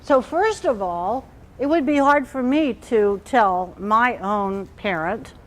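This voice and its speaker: A woman trainer giving an animated workshop talk, acting out little quoted inner voices as she explains. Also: on the high side, slow pace, poor audio.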